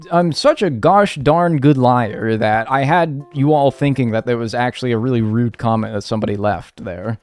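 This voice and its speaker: A man chatting casually on a live stream, rambling and joking at his own expense. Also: mid-range voice. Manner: rambling, joking, self-mocking.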